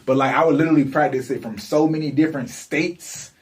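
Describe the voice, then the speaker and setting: A man's voice: a little high, quick pace, recorded from a distance. A man co-hosting a music podcast, telling rambling, laid-back stories. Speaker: podcast co-host. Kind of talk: casual podcast chat.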